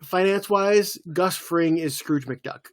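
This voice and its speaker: A man with a fairly high voice co-hosts a podcast at a measured pace, with no echo in the recording. His casual conversation rambles through stories thick with filler words.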